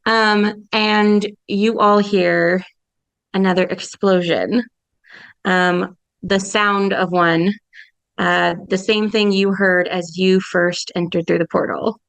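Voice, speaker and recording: Clear-voiced woman game master. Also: medium pitch, fairly even intonation, slow, fairly bright tone, no room sound, low-quality recording. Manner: chatty, many fillers. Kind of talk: narrating a tabletop game.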